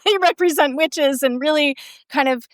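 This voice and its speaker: A woman's voice: high-pitched, moderate pace, dry recording, studio quality. A woman filmmaker, a podcast guest, retelling a film plot in casual chat and filling it with "like".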